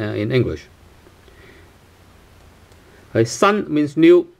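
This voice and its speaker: A man's voice: mid-range voice, moderate pace. A man teaching a pronunciation lesson, hesitant and full of fillers, asking "right?" often and repeating sounds for practice. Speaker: language teacher.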